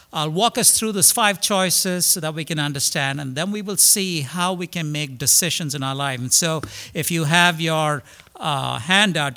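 Emphatic bright-voiced male preacher. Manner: rises to emphatic, loud declarations then drops low; repeats words and asks the audience questions. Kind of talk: sermon.

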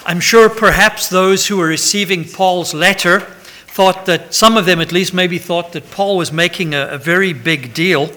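A man with a high, pushed, bright voice preaches a sermon in a chatty, pastoral, announcement-style way. He throws in self-deprecating asides and tends to tag on "right?".

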